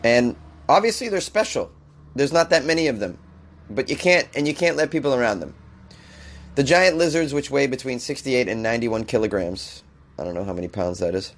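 A male comedian hosts a news podcast and is feeling under the weather. He reads each story and then breaks into exasperated rants. His voice is of middle pitch. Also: lively intonation, brisk. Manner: exasperated, ranting. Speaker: podcast host.

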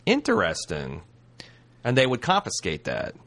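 A man's voice: medium pitch, wildly swooping pitch, normal speed, fairly bright tone. A man hosting a podcast, reading listener mail and chatting casually; he swears freely and often trails off and restarts. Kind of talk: casual chat.

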